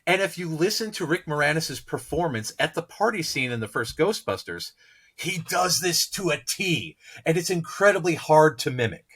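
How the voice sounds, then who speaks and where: Bright-voiced man on a podcast. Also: on the high side, sing-song, normal speed, breathy edge. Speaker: podcast co-host. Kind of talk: casual podcast chat.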